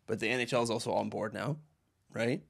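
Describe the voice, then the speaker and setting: Male co-host, gravelly fry in the voice, laid-back hockey chat. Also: on the low side, fast. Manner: easygoing, agreeable, trails off mid-thought. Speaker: podcast co-host.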